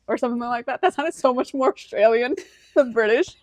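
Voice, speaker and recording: A woman's voice: on the high side, a little fast, no room sound. A young woman co-hosting a podcast in casual chat, playful, laughing often and arguing back. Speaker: podcast co-host.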